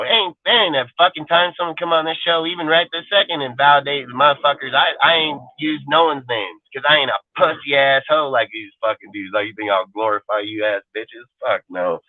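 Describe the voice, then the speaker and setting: A man's voice: medium pitch, no room sound. A sports talk show host, a man, ranting in an aggressive, profane and defiant way during a live show. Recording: tinny phone-like dry line.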